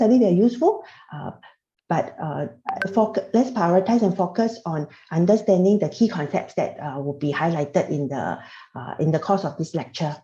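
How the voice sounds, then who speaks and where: A woman's voice: on the low side, dark tone. Hesitant woman lecturing over a muffled call. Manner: hesitant, many fillers and restarts. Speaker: tax course lecturer. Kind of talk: online lecture. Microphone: computer mic on a video call. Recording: roomy, dull lo-fi video call audio.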